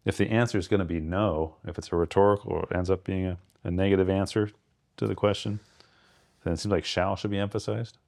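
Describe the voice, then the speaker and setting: A man co-hosting a podcast, thinking aloud about poems and reading lines of verse slowly with careful stress. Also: low voice, fairly even intonation, gravelly, darkish tone. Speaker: podcast co-host. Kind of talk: casual literary discussion.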